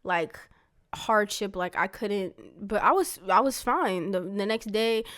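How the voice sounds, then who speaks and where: Smooth-voiced young woman telling a story. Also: mid-range voice, a little slow, a bit bright. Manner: rambling storytelling full of "like"; retells others' words in quoted dialogue. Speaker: daughter talking with her father. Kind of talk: casual family conversation.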